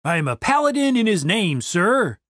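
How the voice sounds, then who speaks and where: A man's voice: sits high, sing-song, normal speed, a bit bright, no room sound, clean studio sound, pitched above the performer's own voice. A man voicing a courteous, earnest paladin who pleads politely.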